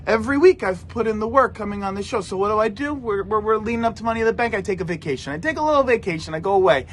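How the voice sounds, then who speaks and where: A man's voice: sits high, lively intonation, fast, few pauses, a bit bright, slight background noise. A man cutting a theatrical, mock-outraged wrestling-style promo, with mouth sound effects, as a podcast regular.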